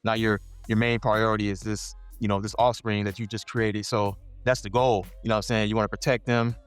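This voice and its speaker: A man's voice: fairly low pitch, flat delivery, fairly quick, clear, resonant tone, no echo, faint music behind. A man co-hosting a casual podcast chat, venting bluntly about parenting and swearing freely. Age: adult father. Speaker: podcast co-host.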